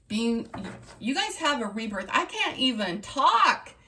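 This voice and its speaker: A woman's voice: fairly high pitch, sing-song, a little slow, pushed and bright. Woman doing a tarot reading on her channel, punchy and repetitive, kind of scolding pep talk. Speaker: tarot reader.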